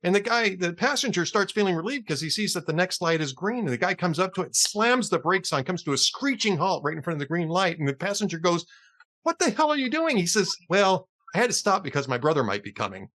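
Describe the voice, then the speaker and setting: Chatty male host with a lively voice. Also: sits high, fast, few pauses. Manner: chatty, laughs at his own jokes, tells jokes with small acted voices. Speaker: podcast host. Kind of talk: casual political talk show chat.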